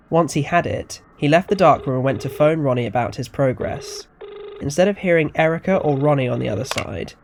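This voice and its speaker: A man's voice: a little high, darkish tone, a little hiss or hum. Man narrating a spooky story. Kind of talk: scripted audio story narration.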